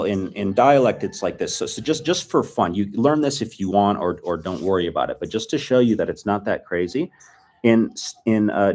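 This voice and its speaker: A man with a fairly low voice teaches a filmed language lesson. He talks in a relaxed, chatty way and repeats short phrases so learners can drill them.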